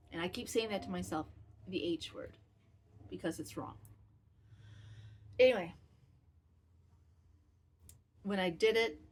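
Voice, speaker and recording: A woman's voice: medium pitch, slightly rough. Woman, fifties, knitting podcast host, casual personal chat, candid, rambling. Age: 50s. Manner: candid, self-critical, rambling with restarts.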